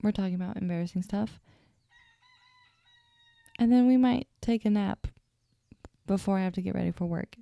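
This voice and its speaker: A woman's voice: medium pitch, moderate pace, creaky, pauses often, mellow, no room sound, studio quality. A young woman hosting a podcast, telling stories in a chatty, self-deprecating way, sleepy and yawning, with a stutter at times. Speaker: podcast host. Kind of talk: casual solo storytelling.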